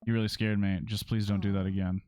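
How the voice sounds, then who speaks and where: A man's voice: fairly low pitch, flat delivery, fast talker, darkish tone, clear, resonant tone, no room sound. A man streaming a story game, reading its text aloud in a casual way with sarcastic asides and free swearing. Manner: sarcastic, swears freely, breaks into rants.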